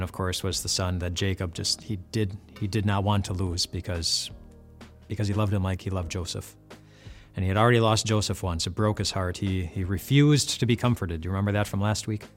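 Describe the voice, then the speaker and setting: A man's voice: on the low side, a bit bright. A man giving a casual devotional Bible talk as host. He speaks conversationally and often restarts and repeats words. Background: faint music.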